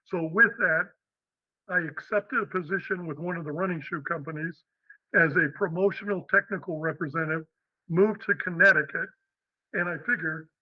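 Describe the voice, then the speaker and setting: An older man from western Pennsylvania, a guest telling stories in an animated way. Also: high voice, dry recording. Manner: animated, acts out the people in his stories. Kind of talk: storytelling interview. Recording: dry tinny phone-like line.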